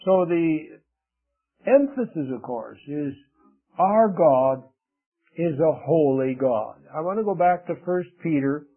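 A man preaching a sermon in an earnest way, with emphatic rises and quiet drops. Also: on the high side, lively intonation, slow. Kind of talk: radio sermon. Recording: narrow phone-like radio broadcast.

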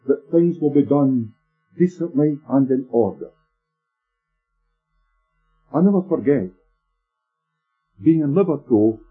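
Tinny recorded preacher, husky man. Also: fairly high pitch. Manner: storytelling preacher, measured and emphatic. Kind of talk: sermon. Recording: tinny lo-fi sermon tape with faint music.

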